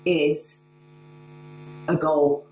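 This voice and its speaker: British female co-host, relaxed, low-pitched, distant mic with room echo. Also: drawn-out words. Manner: laid-back, hedging, giggly. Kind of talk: casual chat. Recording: roomy, from far off the mic, mains hum.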